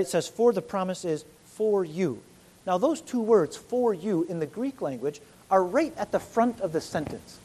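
A man preaching a sermon to a congregation, earnest and rising to loud, emphatic peaks. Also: high-pitched. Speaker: pastor.

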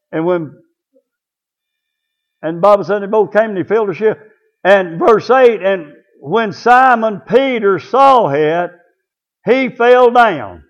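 Preacher, male, high voice, folksy and rousing, dull lo-fi recording. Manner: folksy, calls out to congregation, swings between shouting and low murmurs. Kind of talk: sermon.

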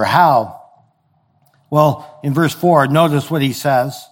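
An older man delivers a sermon with a voice that sits a little higher than most men's. He keeps it conversational and direct, and he slips into voices when he quotes complaining listeners. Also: takes it slowly. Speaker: pastor.

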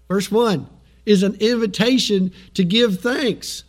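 Pastor, man, higher-pitched, lively preaching with acted-out quotes. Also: takes it slowly. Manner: animated preaching with quoted asides and chuckles. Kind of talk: sermon.

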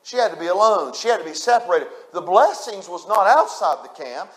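High-voiced emphatic preacher man. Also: big pitch swings, moderate pace, few pauses, a bit bright. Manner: emphatic preacher, repeats phrases, talks to congregation directly. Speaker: pastor. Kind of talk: sermon.

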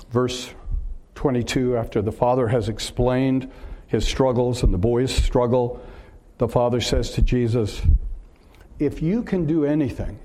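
A man preaching a sermon in an earnest way, asking rhetorical questions and pausing on filler words. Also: mid-range voice, dark tone.

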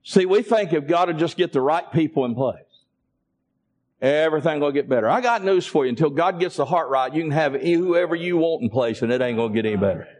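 A male pastor preaching a sermon, calling out to the congregation and building up to impassioned, near-shouted passages. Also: a little high, animated, a little fast. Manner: calls to the congregation in a Southern US vernacular.

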